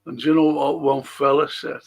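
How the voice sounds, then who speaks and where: A man's voice: fairly high pitch, level tone, brisk. A man with a Scouse accent from Liverpool, hosting a casual film review chat, rambling and swearing often. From Liverpool, England. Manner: rambling, chatty, swears a lot. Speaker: host.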